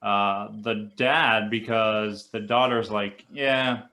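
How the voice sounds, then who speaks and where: A man's voice: mid-range voice, normal speed. A young man co-hosting a casual podcast, retelling a movie plot with lots of acted-out quotes. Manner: animated storyteller acting out quotes. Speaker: podcast co-host.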